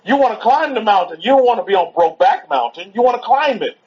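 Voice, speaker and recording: Speaking quickly and animatedly in a voice that sits high, a man delivers a casual, meandering sermon to a Sabbath gathering. He says things more than once, keeps it conversational, and pauses to settle a toddler, all captured in dull lo-fi sound.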